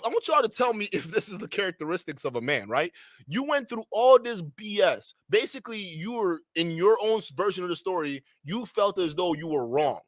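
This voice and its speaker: Loud mocking man reacting with laughter. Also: sits high, no echo, clean studio sound. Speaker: reaction streamer.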